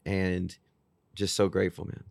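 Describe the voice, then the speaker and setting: A man's voice: low-pitched, moderate pace, creaky, no echo. A man in his fifties, a worship singer-songwriter telling stories earnestly in an interview, often restarting his sentences. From Texas. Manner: earnest, animated, with frequent restarts. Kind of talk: storytelling in an interview.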